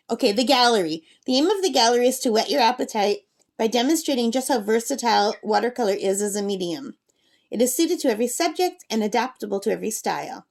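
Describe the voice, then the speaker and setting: Chatty woman vlogger, slightly high voice. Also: moderate pace. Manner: chatty and enthusiastic, talks to her pet parrot. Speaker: craft channel host. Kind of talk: casual book review vlog. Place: at a campsite.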